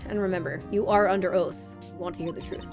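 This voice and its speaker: A stern, formal male prosecutor addresses a witness in a lowered, commanding tone, as a woman streamer reads his lines. His delivery stays crisp and controlled. It is game dialogue read live. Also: fairly even intonation, fast talker, a little mellow, soft background music, close to an everyday voice. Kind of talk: reading game dialogue aloud.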